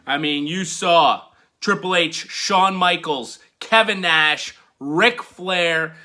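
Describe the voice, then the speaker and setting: A man's voice: a little high, takes it slowly, bright, forceful tone. A man hosting a podcast, giving a laid-back, chatty wrestling recap. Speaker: podcast host.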